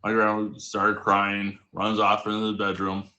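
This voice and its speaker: A man guest on a live stream, casually telling a rambling family anecdote with quick restarts. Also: on the low side, monotone, pushed and bright, roomy sound, muffled recording. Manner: rambling, self-correcting storyteller. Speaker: storytelling guest. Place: home streaming setup.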